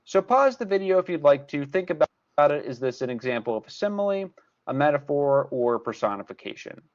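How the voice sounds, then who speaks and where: A man's voice: a little high, sing-song, brisk, highs cut off. A man tutor explaining a lesson step by step, repeating key points with emphasis. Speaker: math tutor. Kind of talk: recorded class lesson.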